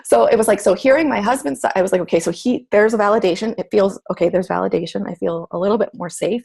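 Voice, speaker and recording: A woman's voice: mid-range voice, fast, few pauses, darkish tone. A middle-aged woman telling a personal story in casual talk, acting out her own inner voice. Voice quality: gravelly, husky. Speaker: guest.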